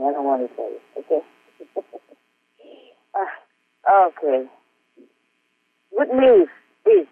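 A spiritual teacher with a high voice reads aloud from his personal diary notes, earnest, heartfelt, and halting, with many fillers and small self-mocking laughs. The audio is tinny and phone-like, with no room sound.

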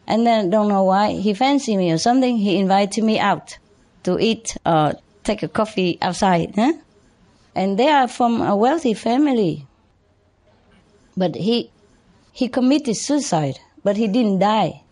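An older woman whose first language is Vietnamese, a spiritual teacher telling life stories to followers in a chatty way, laughing often and pausing with many fillers. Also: mid-range voice, a little mellow. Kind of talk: storytelling talk to followers.

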